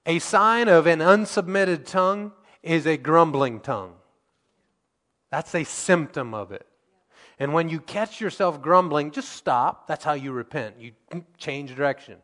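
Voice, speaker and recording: Animated male preacher with a highish voice. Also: a little slow, big-room sound. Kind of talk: sermon.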